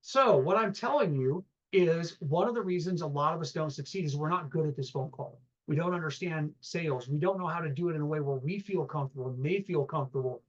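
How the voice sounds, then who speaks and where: A man's voice: fairly high pitch, fairly quick, hardly any pauses, muffled recording. A man teaching a live real estate seminar, telling stories and acting out both sides of phone calls, often asking the room questions.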